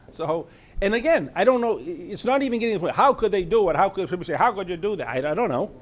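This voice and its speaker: Brief: man, slightly high-pitched, casual presenter, rambling asides, keeps asking "right?". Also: animated, quick pace. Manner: chatty, asks "right?" often, trails off mid-sentence. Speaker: presenter at a scam awareness talk. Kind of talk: informal talk reading from a news article.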